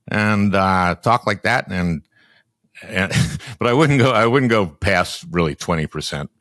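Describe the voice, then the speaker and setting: An older man in his seventies from Minnesota, a podcast guest chatting casually with a wry, halting delivery that often trails off soft and low. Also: lively intonation, no room sound, clean studio sound. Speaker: podcast guest, former senator and comedian. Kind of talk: casual political chat.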